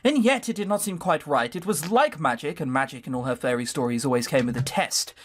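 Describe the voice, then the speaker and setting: A man's voice: a little high, lively intonation, a little fast. Sardonic man reading a visual novel aloud. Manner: sardonic, swearing asides. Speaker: let's play host reading a visual novel.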